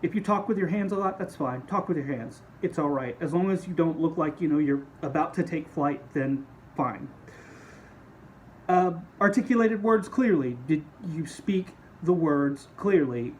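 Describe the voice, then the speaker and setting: A man teaching a speech class, talking casually and explaining each point with quick spoken demonstrations. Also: a little high, a little mellow, slight background noise, poor audio. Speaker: speech instructor. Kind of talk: recorded lecture.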